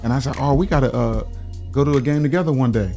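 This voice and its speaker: A man's voice: mid-range voice, quick pace, soft background music. A man hosting a casual panel chat, telling stories and acting out the voices he quotes. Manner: animated storyteller, acts out quoted voices. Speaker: podcast host.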